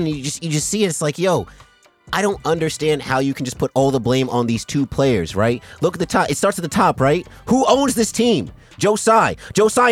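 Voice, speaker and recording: A man on a podcast, his voice sitting a little high for a man as he rants hard and swears freely. He keeps pressing his point and tossing in "right?" to pull the listener along. Faint music plays underneath. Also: no room sound. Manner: emphatic, profane, keeps asking "right?". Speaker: podcast host. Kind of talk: heated sports podcast rant.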